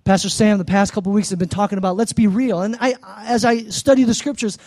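A man preaching a sermon as a pastor, animated, acting out the people in his story and calling for an amen. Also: high-pitched, quick pace, no room sound. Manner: calls to the congregation for an amen.

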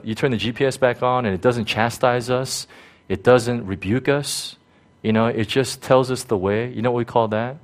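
Casual preacher with constant asides. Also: male voice, medium pitch. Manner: conversational, lots of "you know" and "right?". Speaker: pastor. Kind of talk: sermon.

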